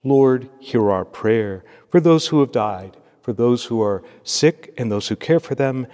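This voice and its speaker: A man as a priest, reading scripture and preaching a homily in a measured, steady cadence. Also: medium pitch. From United States. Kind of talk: liturgy and homily. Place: church. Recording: long church reverb.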